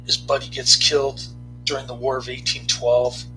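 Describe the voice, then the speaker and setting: Very bright-voiced man rambling casually. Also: mid-range voice, flat delivery, faint music behind, poor audio. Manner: halting, many fillers and restarts. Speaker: movie reviewer.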